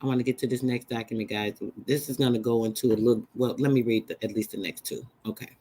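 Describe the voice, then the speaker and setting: A woman's voice: very deep voice, fairly even intonation, quick pace, mellow, slightly rough. Emphatic woman preaching to her live chat. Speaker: livestream host. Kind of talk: live-stream teaching chat.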